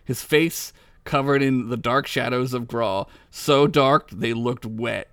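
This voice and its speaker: A man's voice: mid-range voice, slow, fairly bright tone, dry recording. A man reading his own comic fantasy story aloud to friends, crude and giggly. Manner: crude, giggly, breaks to laugh. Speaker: storyteller, podcast cohost.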